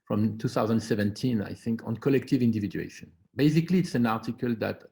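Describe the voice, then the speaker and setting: A man with a low, warm and mellow voice, talking on a video call as an artist on a panel. He speaks slowly and reflectively, often pausing to find his words. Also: vocal fry. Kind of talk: academic panel discussion.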